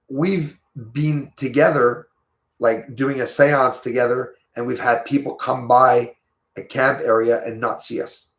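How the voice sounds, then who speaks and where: Quebec-accented man, gravelly voice, rambling livestream host greeting his chat, echoey room. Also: mid-range voice, fairly bright tone. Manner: rambling, chatty, greets viewers by name. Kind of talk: casual livestream chat, reading viewer comments.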